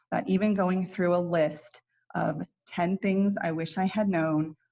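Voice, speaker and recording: A woman's voice: fairly low pitch, vocal fry, lo-fi sound. A middle-aged woman presenting an online class, talking earnestly with many ums and restarts.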